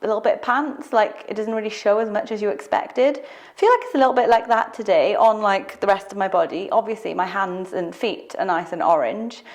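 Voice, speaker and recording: A woman's voice: medium pitch, a little fast. A young woman talking casually to camera in a vlog, chatty and rambling with a self-deprecating manner. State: out of breath after cardio. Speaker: vlogger.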